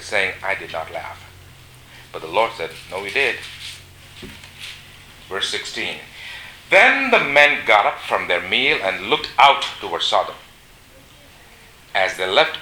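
Male preacher, sermon with scripture reading, bright cutting voice, roomy echo. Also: lowish voice, slight background noise. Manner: reads scripture aloud, then comments with pauses and fillers. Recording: echoey room.

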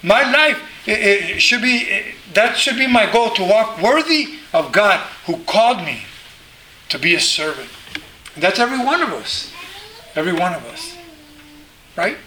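High, bright-voiced preaching man. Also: very animated, moderate pace, slight background noise, low-quality recording. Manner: earnest preaching with frequent repeated words and restarts. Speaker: pastor. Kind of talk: sermon.

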